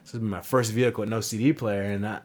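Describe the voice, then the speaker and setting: A man's voice: fairly low pitch, very fast. Laid-back man chatting casually. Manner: relaxed, rambling, swears casually. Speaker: podcast host. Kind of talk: casual chat.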